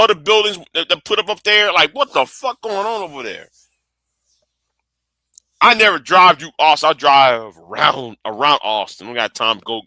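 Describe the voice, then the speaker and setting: A man's voice: sits high, pushed and bright, dry recording. A man from Texas, chatting casually on a livestream in a rambling, profane way with stammering restarts. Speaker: livestream host.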